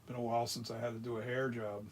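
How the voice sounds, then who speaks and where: A man's voice: medium pitch, flat delivery, fast, a little hiss or hum. A middle-aged man from South Jersey, chatting casually and muttering to himself while he makes a mask. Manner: rambling, mutters to himself, restarts. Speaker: mask maker. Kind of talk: casual workshop chat while working.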